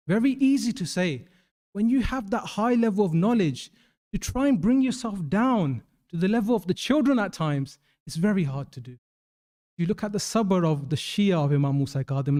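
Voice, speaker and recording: A young man giving an English religious lecture at a mourning gathering, telling stories and acting out the dialogue with lively jumps in his voice. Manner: acts out quoted dialogue with pitch jumps.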